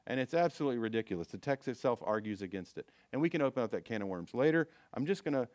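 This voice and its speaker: A man's voice: mid-range voice, animated, racing, darkish tone, no echo, studio quality. A man pastor giving a conversational sermon, with frequent restarts and fillers.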